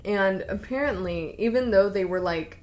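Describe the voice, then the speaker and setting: A young woman casually retelling a true story to a friend, acting out the quoted lines in livelier, higher voices. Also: moderate pace. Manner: lively, acts out quoted lines with raised pitch.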